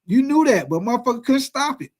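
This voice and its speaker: Animated, profane man talking sports. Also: extremely high pitch, fast. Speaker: sports talk host. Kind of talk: casual sports commentary.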